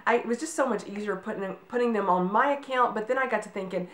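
A woman in her forties talks casually to her camera, loose and rambling, with plenty of ums. Her voice sits at a middle pitch, and the room around her rings with echo. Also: fast talker. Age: 40s. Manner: chatty, rambling, with frequent ums. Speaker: vlogger. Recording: echoey room.

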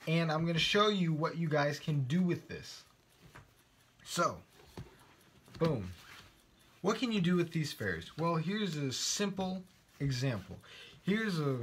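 A man's voice: fairly high pitch, a bit bright, slight background noise. A man with a Texan accent, guest-presenting a live craft show in a playful, silly way, joking as he reads viewer comments.

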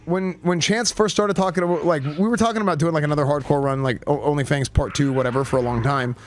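A young man streaming a game, chatting excitably and rambling with lots of restarts. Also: on the high side, fast, slight background noise. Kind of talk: casual live-stream chat.

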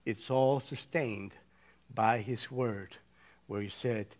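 An older man preaching a sermon, with a rhythmic, repetitive cadence that swings from slow, hushed emphasis to excited shouting. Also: mid-range voice.

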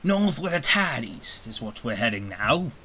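A man's voice: medium pitch, very animated, a little slow, sharp tone, slight background noise. A man streaming a game live, commenting in playful mock-pirate talk. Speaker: gaming streamer.

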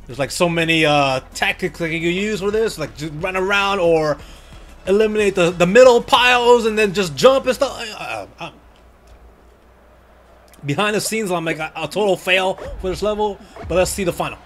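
A young man commentating his own gameplay, excitable, cursing and often yelling at the game. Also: high voice, moderate pace, soft background music. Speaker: gaming YouTuber. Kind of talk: excited let's-play commentary.

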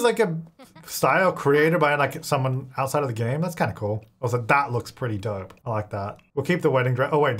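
A man's voice: on the high side, fairly bright tone. A young man giving casual, chatty commentary while playing a life-simulation game, laughing often and talking to the characters on screen. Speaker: gaming video creator. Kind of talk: casual let's-play commentary.

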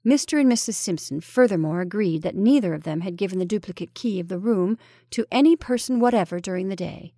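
A woman storyteller reading a ghost story aloud with measured, even narration. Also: mid-range voice, no echo, studio quality.

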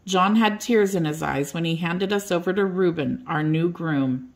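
Older woman, bedtime story reader, lowish voice, gentle, expressive. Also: moderate pace.

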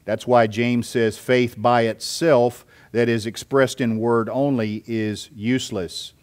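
A male pastor delivers an expository sermon at a middle pitch. He explains scripture point by point, pausing now and then on small fillers as he lays out his argument. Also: little pitch movement, a little mellow.

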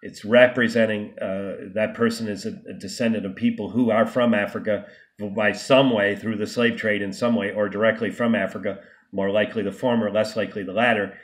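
Low-voiced man, indignant vlog monologue. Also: level tone, a little fast. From United States. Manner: emphatic, indignant, with frequent restarts and stumbles. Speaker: vlogger. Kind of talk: unscripted monologue to camera.

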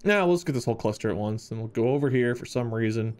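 A man's voice: mid-range voice, animated, fast talker, darkish tone, clear, resonant tone. Chatty male game streamer. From Ohio. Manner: chatty, reads out viewer messages. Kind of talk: casual live-stream chat.

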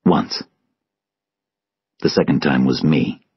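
Weary, somber male officer, very low voice, husky, read by a male narrator. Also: slow, no room sound, lo-fi sound, exaggerated voice. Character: weary, grieving male officer, steady and quiet.

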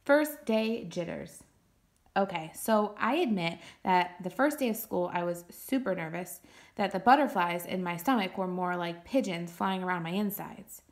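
A woman teacher reading a novel aloud to her class, with steady and expressive first-person narration. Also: on the low side, moderate pace.

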